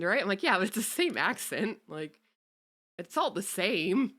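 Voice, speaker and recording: A woman's voice: mid-range voice, big pitch swings, normal speed, bright, forceful tone. A young woman streamer chatting casually with her viewers, greeting them and cursing offhandedly. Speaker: VTuber streamer. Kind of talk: casual livestream chat.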